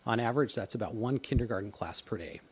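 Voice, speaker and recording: Male executive, formal and confident statement, low husky voice. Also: fast. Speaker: hospital chief executive. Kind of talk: prepared public statement.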